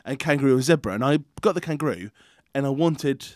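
A man's voice: medium pitch, animated, quick pace, dry recording, clean studio sound. A man chatting casually as a podcast guest, rambling and laughing often. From England. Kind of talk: casual chat.

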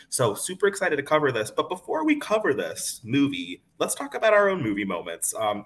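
Young guy podcast cohost, low but bright voice, has a cold and a cough, upbeat. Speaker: podcast co-host. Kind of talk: casual podcast chat.

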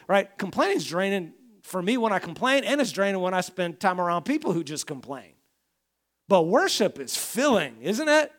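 A man preaching a sermon in a slightly raised voice. He keeps it conversational and asks the room questions. He sinks to a hush on the solemn lines and acts out whining complaints. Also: high voice, expressive, normal speed. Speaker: pastor.

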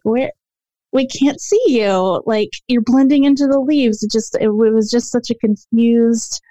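A woman calling in to tell a childhood ghost story in a casual, halting way, full of ums and restarts. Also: mid-range voice, dark tone, no echo. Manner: hesitant, many ums and restarts. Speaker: caller sharing a ghost story.

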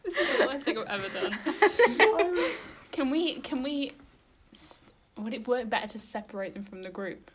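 A giggly, awkward woman with a slightly high voice, taking part in a tabletop game. Other people's chatter and voices are heard clearly around her. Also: sing-song, a little slow, long pauses. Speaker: player. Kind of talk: casual tabletop game chat.

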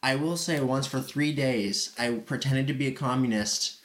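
A man's voice: medium pitch, normal speed. A young man co-hosting a casual chat, bantering in a dry, sarcastic way. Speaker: podcast co-host.

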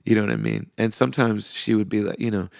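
A middle-aged man hosting a podcast, softly telling a heartfelt personal story with quoted dialogue. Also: on the low side, sing-song, quick pace, vocal fry, no echo, studio quality. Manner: soft-spoken, heartfelt, with frequent fillers and quoted dialogue. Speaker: podcast host.

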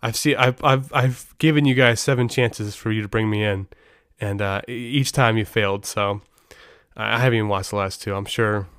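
A man's voice: on the low side, steady tone, moderate pace, fairly bright tone, clear, resonant tone, no echo, studio quality. Brief: middle-aged male podcast host, casual and rambling, clean resonant voice. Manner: rambling, many restarts and asides.

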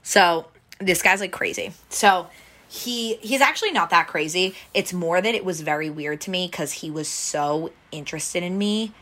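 A woman's voice: on the low side, moderate pace, a bit bright. A young woman telling a personal story in casual chat, rambling and saying "like" over and over. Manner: rambling, heavy use of "like" fillers, restarts.

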